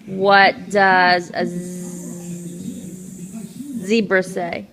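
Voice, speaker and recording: A woman's voice: lowish voice, flat delivery, very slow, gravelly, over music. A mother playfully coaxing her young child at home with repeated questions. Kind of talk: casual home video, quizzing a toddler.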